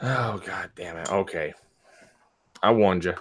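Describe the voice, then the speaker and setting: A man's voice: low voice, measured pace, pauses often, slightly rough. A man co-hosting a podcast, bantering playfully. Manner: joking, playful. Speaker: podcast co-host. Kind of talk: casual banter.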